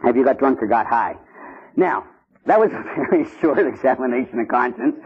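A male Catholic priest from Pittsburgh giving a blunt, animated preaching talk with joking asides. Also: medium pitch, normal speed, husky. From Pittsburgh, USA. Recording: dull lo-fi recording.

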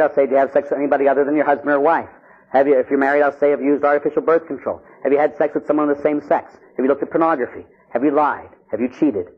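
Husky-voiced blunt preaching priest. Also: male voice, on the high side. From Pittsburgh, USA. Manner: blunt, animated, joking asides. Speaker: Catholic priest. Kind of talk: preaching talk. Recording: dull lo-fi recording.

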